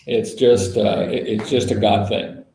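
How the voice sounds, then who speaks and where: A man's voice: lowish voice, flat delivery, unhurried, gravelly, mellow. Folksy man leading an echoey Bible study. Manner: folksy storytelling, spells words out letter by letter. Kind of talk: casual teaching talk to a small group.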